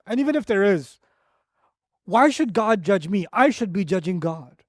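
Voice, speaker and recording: A middle-aged man teaching a lecture on Quran verses, telling analogies with rising emphasis that drops to quiet low moments. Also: normal speed, dry recording, clean studio sound. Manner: animated storytelling, pitch rising high for emphasis and dropping low and quiet.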